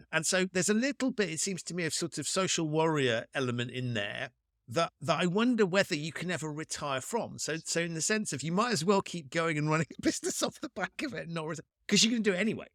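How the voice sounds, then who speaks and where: A man's voice: on the high side, a bit bright, dry recording, studio quality. A man hosting a podcast, thinking aloud and probing his guest with musing, restarting questions. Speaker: podcast host. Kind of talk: casual interview conversation.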